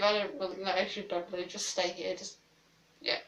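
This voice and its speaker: A woman's voice: on the low side, level tone, a little fast, a bit bright, distant mic, highs cut off. Woman, storytime vlog, chatty and rambling, lots of fillers, casual swearing, roomy sound. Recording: roomy, a little off-mic.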